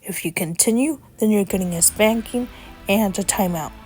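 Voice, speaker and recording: A woman's voice: medium pitch, normal speed, darkish tone, natural voice. A woman voicing a firm, scolding father in a children's story. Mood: stern. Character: stern strict father, patient but firm.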